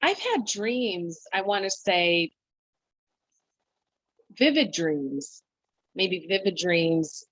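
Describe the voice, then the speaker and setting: A woman guest on a podcast, telling her story in a halting way, full of restarts and quoted self-talk. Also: on the low side, animated, dry recording. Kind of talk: conversational storytelling. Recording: dull, lo-fi dry sound.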